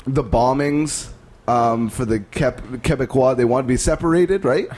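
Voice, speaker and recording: A man's voice: medium pitch, moderate pace, darkish tone. A man hosting a podcast in casual chat, joking, swearing freely and laughing often. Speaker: podcast host.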